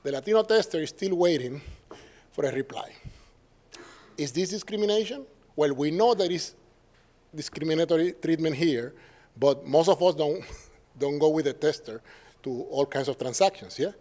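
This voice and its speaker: A man's voice: fairly high pitch, moderate pace, pauses often, dark tone. A man with a Puerto Rican Spanish accent gives a public lecture as a professor, speaking in a conversational, wry way and often checking in with his listeners. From Puerto Rico. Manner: conversational and wry, with frequent tag questions. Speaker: professor giving a symposium talk.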